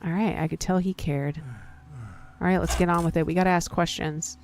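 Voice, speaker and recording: A gaming video host plays a story game and comments casually in a fairly low, darkish voice with fairly even intonation, speaking a little fast. She reads the game's text aloud, talks to herself and her viewers, and reacts with surprise. Slight background noise is audible.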